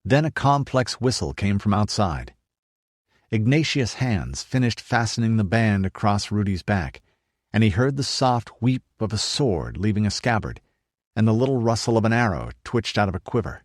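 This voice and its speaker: A man reads an audiobook in a low, measured voice. The recording is dry and close, with no room sound. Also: animated, dry recording. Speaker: audiobook narrator. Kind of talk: scripted narration.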